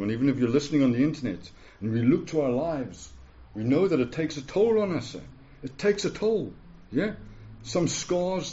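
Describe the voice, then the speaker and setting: A man in his forties delivers a sermon in a warm, relaxed voice, pressing his points by repeating them and asking his listeners "yeah?". The recording is dull and lo-fi. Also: mid-range voice. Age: 40s. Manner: emphatic, repeats phrases, asks the room "yeah?". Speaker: pastor. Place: church hall with a live congregation.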